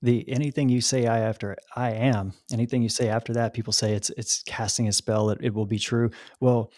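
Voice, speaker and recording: A man's voice: medium pitch, steady tone, fairly quick, a little mellow, no echo, clean studio sound. A man as a podcast guest, earnestly explaining spiritual ideas at length with storytelling asides. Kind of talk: conversational spiritual discussion.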